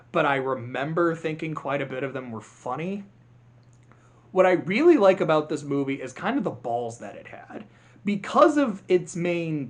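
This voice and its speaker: Male vlogger, higher voice, casual rambling film review, quick to laugh. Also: a bit bright. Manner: rambling, self-interrupting, laughs often. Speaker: video creator.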